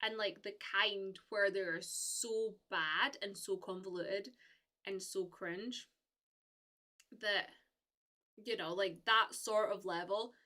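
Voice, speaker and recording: A woman's voice: medium pitch, fairly even intonation, slow pace, pushed and bright. A young woman from the UK chatting casually with viewers on a live stream, rambling with lots of fillers and restarts.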